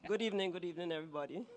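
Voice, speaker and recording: A woman's voice: lowish voice, rapid-fire. A woman at a poetry night who gives a hesitant, laughing introduction and then recites her own poem. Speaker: poet performing at an open mic. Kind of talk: poetry reading with a chatty intro.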